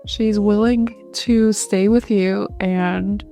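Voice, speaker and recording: A woman's voice: mid-range voice, fairly even intonation, slow, gravelly, dark tone. Female host, casual reaction commentary, blunt judgments, light music bed. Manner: blunt, disapproving remarks.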